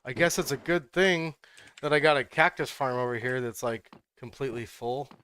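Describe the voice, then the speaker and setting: A man's voice: mid-range voice, moderate pace, sharp tone, clear, resonant tone. Chatty man hosting a game stream. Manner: chatty, laughs often, gives tours. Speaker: streamer host. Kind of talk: casual gaming chat.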